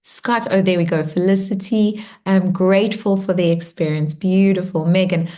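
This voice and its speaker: A woman closing a guided meditation and warmly encouraging an online group as she reads out their comments. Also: lowish voice, steady tone, normal speed. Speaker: meditation and spiritual workshop leader. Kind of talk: guided meditation close and live group check-in.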